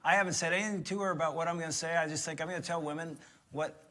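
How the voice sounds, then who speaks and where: Bright, lively male preacher on stage. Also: a little high, rapid-fire. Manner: animated storytelling, jokey asides. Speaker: pastor co-teaching on marriage. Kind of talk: live sermon with banter. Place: church stage before a live audience.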